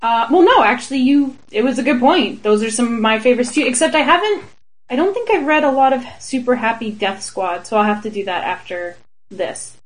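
A woman's voice: on the high side, expressive, low-quality recording. A woman interviewing a guest in a casual chat, playful and teasing. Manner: playful, teasing, quick to laugh.

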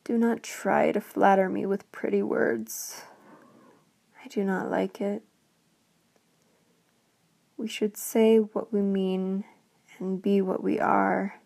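Storybook male beast, huge and furious, growling slowly in whispered role-play, put on by a woman; dark and gravelly. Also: medium pitch, flat delivery. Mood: angry growl. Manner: slow, growling, spitting words.

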